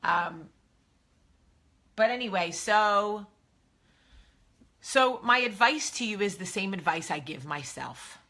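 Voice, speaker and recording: Bright-voiced woman giving candid advice. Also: medium pitch, takes it slowly, long pauses. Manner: candid, animated, conversational advice. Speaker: host of a live video show. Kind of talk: casual live-stream monologue. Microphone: phone or webcam, live video.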